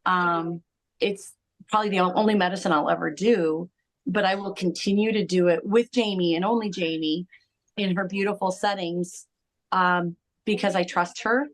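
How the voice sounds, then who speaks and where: A woman giving an earnest, halting spoken testimonial about a ceremony, with many restarts. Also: lowish voice, fairly even intonation.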